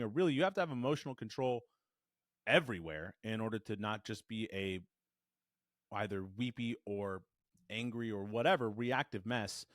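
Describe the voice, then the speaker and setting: A man teaching a voice lesson to camera, animated and demonstrative, shifting his resonance to show the difference. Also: medium pitch, dry recording, studio quality. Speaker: voice coach. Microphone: studio microphone.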